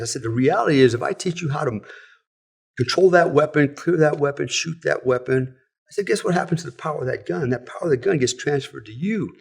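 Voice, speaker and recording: A man's voice: mid-range voice, creaky, breathy edge. A middle-aged man, a former special operations soldier, telling blunt, profane stories as a podcast guest and chuckling often. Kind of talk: casual storytelling in a podcast interview.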